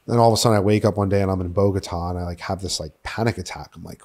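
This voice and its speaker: A man's voice: deep voice, fairly even intonation, racing, darkish tone. A young man from New York City as a podcast guest, candidly telling his story in a rambling, profane way, full of "like" fillers.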